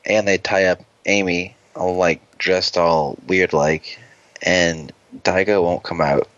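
A man with a deep, low voice recaps an episode in loose, rambling podcast chat, swearing freely and cracking jokes as he goes. The sound is dull and lo-fi, dry and close with no room to it. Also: fairly even intonation, takes it slowly, a bit bright, no room sound. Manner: rambling, profane, joking. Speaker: podcast host.

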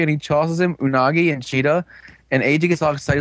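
A man's voice: medium pitch, fairly quick, dry recording. A man casually recapping an episode in a rambling, amused way, with plenty of fillers. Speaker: podcast co-host recapping an episode. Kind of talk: casual chat.

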